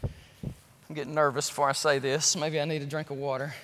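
A man preaching a sermon as pastor, animated and joking, speaking straight to his congregation. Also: a little high, brisk, a little hiss or hum. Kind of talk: lively sermon. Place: large church sanctuary. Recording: long church hall reverb.

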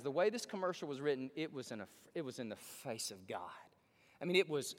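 A male pastor preaching a sermon in a large church sanctuary, emphatic, swinging from hushed pleading to loud excitement. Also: fairly high pitch, in a large hall.

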